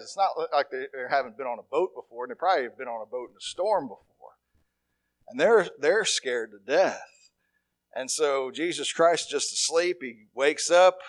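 Male Bible teacher, slightly higher voice, casual study-group delivery, thinks aloud and restarts often. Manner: conversational, with frequent restarts and repeated words.

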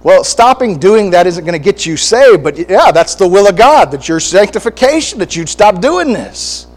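A man preaching a sermon, animated and acting out quoted voices, with short laughs between points. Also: high voice, normal speed, low-quality recording.

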